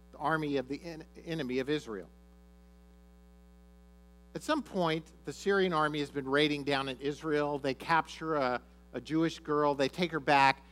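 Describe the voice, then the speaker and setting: Guy preaching, fairly high voice, gets really animated acting out the story. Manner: animated, acts out characters' lines. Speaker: pastor. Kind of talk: sermon storytelling.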